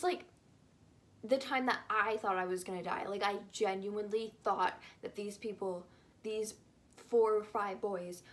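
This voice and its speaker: A young woman telling a childhood story on her channel, animated and rambling with lots of fillers. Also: mid-range voice. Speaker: YouTuber. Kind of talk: casual storytime.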